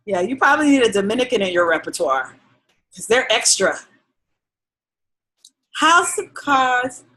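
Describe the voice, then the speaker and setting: A woman chats in an animated storytelling way, often laughing. Her voice is high and bright, and it leaps all over the scale. She swings from loud outbursts to soft, muttered asides. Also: measured pace.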